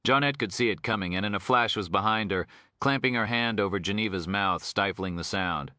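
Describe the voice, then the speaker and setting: Male narrator, low voice, bright forceful tone, steady scripted storytelling. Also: a little fast, dry recording, studio quality. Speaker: audiobook narrator.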